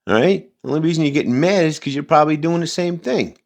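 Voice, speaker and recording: A man's voice: a little high, expressive, fast talker, gravelly. A man hosting a casual reaction commentary, rambling and heated, with many fillers and restarts. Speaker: commentary channel host.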